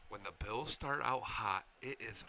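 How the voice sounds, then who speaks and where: A man chats casually over football highlights. He sounds like a worked-up fan who cheers and curses at the plays. His voice sits a bit low but rings very bright, with a forceful edge. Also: measured pace. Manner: excited fan, swears, talks back to the footage. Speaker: sports channel host. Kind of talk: casual sports chat over game highlights.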